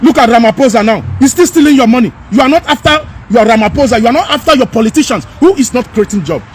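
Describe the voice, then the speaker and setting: A commentator with a strikingly high-pitched voice delivers an impassioned rant, fast-talking with lively intonation, scolding emphatically and hammering the same phrases repeatedly. He's recorded outdoors, with a faint hum of street traffic behind him.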